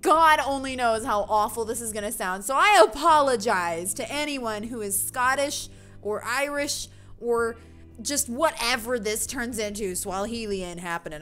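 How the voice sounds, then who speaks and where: A woman's voice: on the high side, a little slow, fairly bright tone, faint music behind. A woman giving chatty, giggly let's play commentary and reading game text aloud. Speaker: game streamer.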